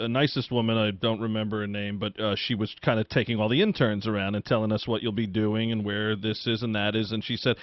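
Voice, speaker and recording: A man's voice: fairly low pitch, no echo. A man hosting a radio show, chatting with a guest and telling stories with frequent laughs. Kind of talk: conversational interview then scripted commentary. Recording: dry, slightly dull recording.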